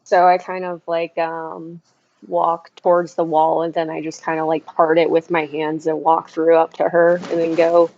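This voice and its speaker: A woman's voice: deep voice, little pitch movement, moderate pace, vocal fry, darkish tone, highs cut off. A woman playing a tabletop game, casual and hesitant. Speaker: player.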